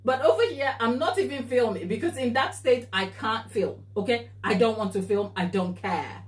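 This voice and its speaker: A woman cake baker telling a story during a live tutorial, animated and expressive and laughing as she talks. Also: fairly high pitch, normal speed. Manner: animated, expressive, often laughing mid-sentence. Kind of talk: casual anecdotal storytelling. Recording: echoey room, voice distant from mic.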